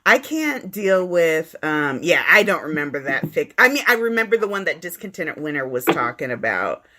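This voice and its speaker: Woman co-host, lively swooping voice, bright tone, giggly casual chat. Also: low-pitched, normal speed. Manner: animated and giggly, laughs often, acts out quotes. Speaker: podcast co-host. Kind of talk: casual chat about fan fiction.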